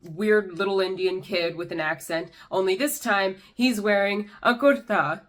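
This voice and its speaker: A woman's voice: medium pitch, measured pace, fairly bright tone. A young woman hosting a commentary vlog, delivering an exasperated, sarcastic rant. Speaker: YouTube commentator.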